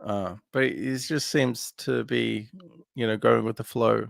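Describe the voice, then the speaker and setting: Gravelly man recapping a film. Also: mid-range voice, fairly even intonation, unhurried, dry recording, studio quality. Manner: meandering, filler-heavy retelling. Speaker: film podcast co-host. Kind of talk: casual film recap chat.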